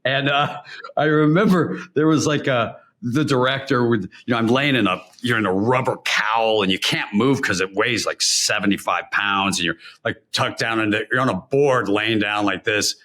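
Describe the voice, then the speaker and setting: A man chatting as a podcast guest, telling animated stories and laughing often. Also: medium pitch, moderate pace. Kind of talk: casual podcast chat.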